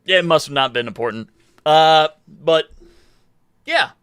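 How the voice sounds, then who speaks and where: A man's voice: fairly high pitch, lively intonation, unhurried, fairly bright tone, clean tone, no echo. A man in his twenties from the United States, rambling casually on a live stream, correcting himself as he goes and reading chat aloud. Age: 20s.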